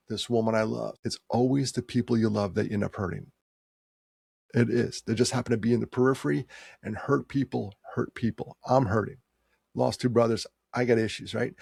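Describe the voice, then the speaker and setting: A man in his sixties, tearing up, tells a personal story in a heartfelt, conversational way, pushing certain words with rising emphasis. His mid-range voice is a little mellow yet gravelly with a husky edge. The recording is dry and close.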